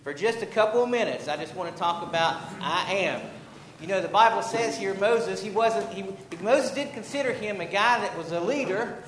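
A male pastor preaching a sermon, building to emphatic, drawn-out declarations. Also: sits high, roomy sound, a little hiss or hum, rough recording. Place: church sanctuary.

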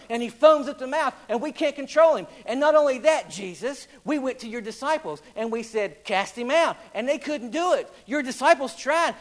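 A preacher with a strikingly high voice delivers a sermon to his congregation. He swings from booming declarations to hushed, folksy asides and pokes fun at himself along the way. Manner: folksy and self-deprecating asides. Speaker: pastor.

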